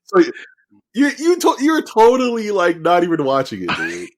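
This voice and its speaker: A man's voice: sits high, wildly swooping pitch, normal speed. A man co-hosting a podcast in casual chat, teasing and slangy, calling his friend dude and dog. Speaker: podcast co-host.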